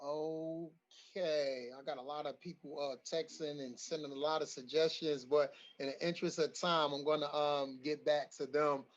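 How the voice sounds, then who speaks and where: A man's voice: a little high, steady tone, moderate pace, highs cut off. A man hosting a community forum over a video call, emotional and rallying, repeating his phrases for emphasis. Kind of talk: livestreamed community meeting.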